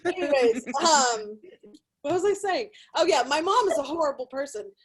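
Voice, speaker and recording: Brief: young female comic, high pitch, brash and profane, self-deprecating. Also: expressive, normal speed, crowd noise, low-quality recording. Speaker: stand-up comedian. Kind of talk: stand-up comedy set.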